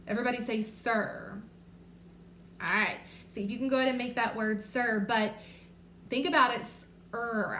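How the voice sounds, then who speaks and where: Woman, teacher, kids' reading lesson, sounds out words slowly, echoey room, faint noise. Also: fairly high pitch, a bit bright. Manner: slow, clearly sounding out letters and words. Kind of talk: remote reading lesson for young children.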